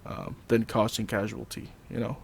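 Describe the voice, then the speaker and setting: A man's voice: lowish voice, little pitch movement, normal speed, creaky, slight background noise. A man co-hosting a casual film discussion, rambling with frequent ums and laughing often. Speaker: podcast co-host.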